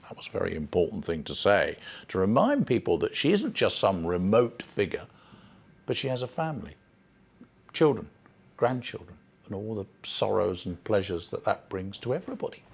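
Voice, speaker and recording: A man's voice: on the low side, big pitch swings, moderate pace, vocal fry, husky. A man interviewed for a documentary, recalling events in a reflective, emphatic way. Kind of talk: interview recollection.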